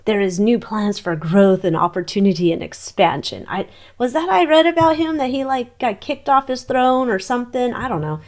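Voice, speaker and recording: A woman's voice: on the high side, animated, moderate pace, hardly any pauses, a little mellow. A woman giving a casual psychic tarot reading, chatty and exclamatory, talking to her cards as she turns them. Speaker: tarot reader.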